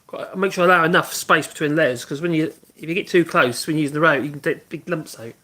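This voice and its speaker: A man's voice: a little high, quick pace, bright, forceful tone. A man hosting a casual woodworking livestream, rambling and humming to himself as he works. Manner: rambling, hums to himself while working. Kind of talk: casual livestream chat while working.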